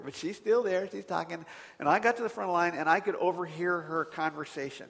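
Animated male preacher in a reverberant hall. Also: sits high, fast, creaky. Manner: animated storyteller, swings from quiet to loud exasperation. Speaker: pastor. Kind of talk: sermon with personal story.

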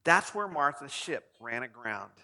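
A man's voice: mid-range voice, sing-song, unhurried, sharp tone. A male pastor preaching a sermon and putting rhetorical questions to his listeners.

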